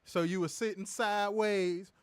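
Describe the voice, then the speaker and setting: A man's voice: sits high, steady tone, moderate pace, clear, resonant tone, dry recording, clean studio sound. A young man co-hosting a casual review show over a call, laughing hard and talking loose and profane. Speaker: podcast co-host. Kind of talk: casual chat.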